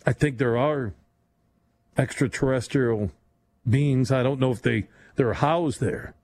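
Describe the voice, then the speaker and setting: A man hosting a late-night radio talk show, rambling and animated, laughing often as he talks. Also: mid-range voice, a little slow.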